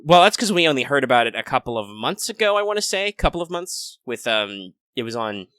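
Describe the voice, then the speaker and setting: A man chats casually as a podcast co-host, rambling and joking at length. His voice is bright and forward, recorded dry and close. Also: mid-range voice, very animated, brisk, smooth, dry recording. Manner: rambling, jokey, talks at length. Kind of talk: casual chat.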